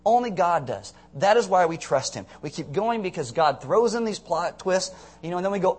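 Animated, joking male preacher. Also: high voice, normal speed, few pauses. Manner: animated storytelling with jokes and audience asides. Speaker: pastor. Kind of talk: sermon.

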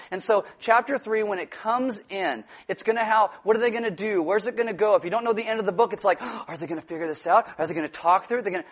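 Animated high-voiced man preaching. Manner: animated, joking, acts out quoted voices. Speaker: pastor. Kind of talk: sermon.

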